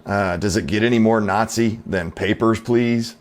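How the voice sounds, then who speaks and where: A middle-aged man with a fairly low voice hosts his own channel and gives opinionated commentary. His delivery is folksy and skeptical, full of rhetorical questions and casual fillers, at a normal speed.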